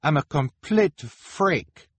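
A man voicing a shy, sad young woman who sighs and talks in a soft, self-pitying way. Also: fairly high pitch, lively intonation, takes it slowly, breathy edge, no echo, pitched above the performer's own voice, exaggerated voice. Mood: mournful.

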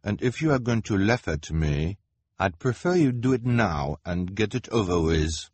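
A man voicing a shy, sad young woman who sighs and talks in a soft, self-pitying way. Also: on the low side, expressive, moderate pace, husky, dry recording. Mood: mournful.

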